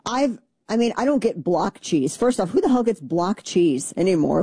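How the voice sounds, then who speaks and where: A woman's voice: lowish voice, very animated, moderate pace, mellow, breathy edge, no echo. A woman hosting a casual commentary show, rambling through topics with sarcastic asides and plenty of fillers.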